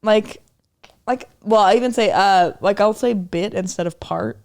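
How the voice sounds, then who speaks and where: A woman's voice: medium pitch, unhurried, darkish tone. A woman with an American accent, raised in England, telling rambling stories as a comedian guest on a podcast. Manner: rambling storyteller, lots of likes and restarts. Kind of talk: casual podcast chat.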